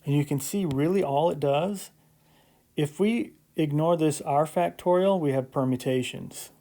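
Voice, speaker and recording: Mellow-voiced male math teacher explaining. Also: on the high side, a little slow. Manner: conversational, explains step by step with frequent "so" and "right?"; lightly joking asides. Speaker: math instructor. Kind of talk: recorded classroom lecture.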